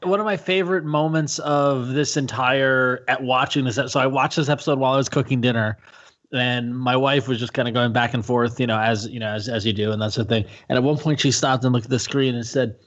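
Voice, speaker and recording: Male podcast co-host, mid-pitched, chatty anecdote teller, audio a bit dull and lo-fi. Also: steady tone, fairly quick, a bit bright. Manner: rambling storyteller, acts out quotes. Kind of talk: casual chat.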